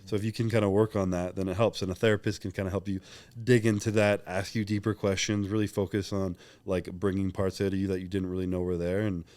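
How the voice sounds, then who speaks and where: A man's voice: low-pitched, level tone, fast talker, darkish tone, dry recording. A young man talking openly and reflectively as a podcast guest, rambling with many fillers in casual interview chat.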